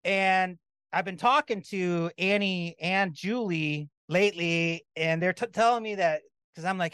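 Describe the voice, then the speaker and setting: A podcast host talking in a casual, fast, chatty way, often saying "dude". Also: medium pitch, a bit bright, clear, resonant tone, no echo.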